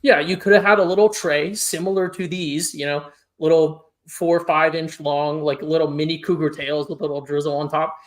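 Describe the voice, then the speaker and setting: A man co-hosting a podcast, ranting in an animated, exasperated way during a casual food-ranking chat. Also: on the high side, brisk. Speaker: podcast co-host.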